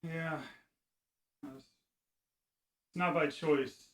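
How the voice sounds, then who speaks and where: A man's voice: fairly high pitch, steady tone, extremely slow. Dry-humored man off-camera. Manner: dry, joking asides. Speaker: streamer's housemate. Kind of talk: casual off-camera banter. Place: home, behind the camera.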